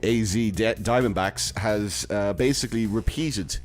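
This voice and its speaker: A man with a lowish voice hosts a comedy news podcast, rambling along in a wry, self-mocking way and tripping over his words now and then. Faint music plays underneath. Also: unhurried. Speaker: podcast host.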